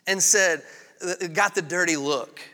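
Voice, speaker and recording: A man's voice: high voice, unhurried, bright, forceful tone, long reverb tail. A male pastor preaching a sermon in a candid, conversational storytelling way.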